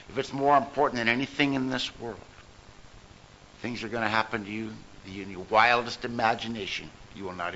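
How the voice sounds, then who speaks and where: A winded man giving a personal recovery testimony to a meeting room, telling his story earnestly and swinging between loud and hushed. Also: mid-range voice, a little hiss or hum. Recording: dull lo-fi recording.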